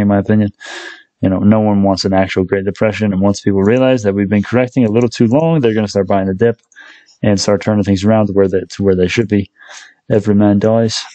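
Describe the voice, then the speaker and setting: Male channel host, casual rambling commentary, low dark voice, dry close mic. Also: no room sound. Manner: rambling, self-correcting, addresses viewers as guys. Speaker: stock market channel host. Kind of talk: casual unscripted commentary to viewers.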